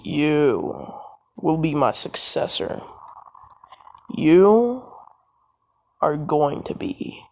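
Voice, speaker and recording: A man voicing a towering, ancient male alien warrior who gives slow, deliberate commands, in a fan-made audio story. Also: fairly high pitch, sing-song, vocal fry, heavily acted. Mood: commanding.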